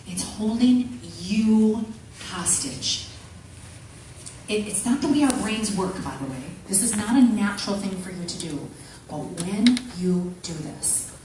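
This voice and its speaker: A woman giving an animated motivational talk to a women's group, acting out the people she quotes. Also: on the low side. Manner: animated, acts out quoted voices. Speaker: motivational speaker. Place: meeting room with an audience. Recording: echoey room from far off, faint noise.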